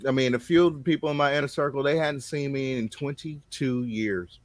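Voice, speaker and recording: A man hosting a casual chat, telling a story in an animated way and loudly acting out what people said. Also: mid-range voice, a little fast, no echo. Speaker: show host.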